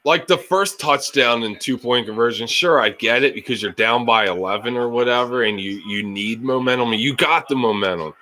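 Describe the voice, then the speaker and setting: A man's voice: medium pitch, normal speed, hardly any pauses, bright, forceful tone. A man streaming a live reaction to a football game, ranting and swearing in frustration at the play calling between stretches of play-by-play. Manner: frustrated, swearing fan rants.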